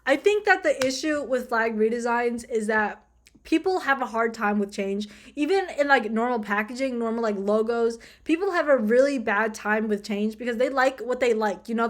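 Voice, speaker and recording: A woman's voice: on the high side, normal speed. A young woman chatting casually as she reacts to designs, full of fillers and easy swearing. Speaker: vlogger. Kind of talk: casual commentary video.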